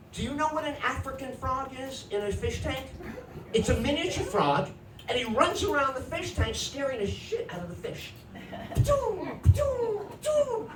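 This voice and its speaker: Male stand-up comic, middle-aged, lively swooping delivery, echoey club, heard from a distance, background noise. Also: very high voice. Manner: animated, acts out family voices, shouts punchlines. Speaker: stand-up comedian. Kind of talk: stand-up comedy storytelling. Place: comedy club stage.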